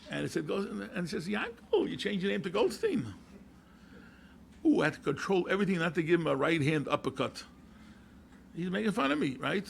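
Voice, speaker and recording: An older man tells family stories to a crowd. His voice sits high and gravelly, with a bright, pressing edge. He talks in an animated way and repeats his key phrases for weight. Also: a little hiss or hum. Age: 70s. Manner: animated, repeats phrases, mixes in Yiddish and Hebrew words. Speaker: rabbi and yeshiva head. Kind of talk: storytelling talk to an audience.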